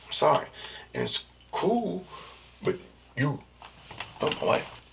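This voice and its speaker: A man in his thirties riffs in a relaxed monologue, his voice gravelly and creaky. He talks loose and slangy, jumping into whispers, and he sits a little back from a mic with faint hiss behind him. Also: on the high side, slow, distant mic. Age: 30s. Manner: loose, slangy and animated, drops into whispers and jokey put-on voices. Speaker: vlogger. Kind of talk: casual monologue.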